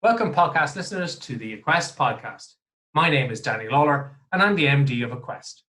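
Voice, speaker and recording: An Irish man hosts his podcast in a jovial, chatty way, poking fun at himself as he goes. His voice is bright and forward, pitched in the middle. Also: animated, a little fast, faint music behind. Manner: jovial, chatty, self-deprecating. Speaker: podcast host. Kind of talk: casual podcast chat.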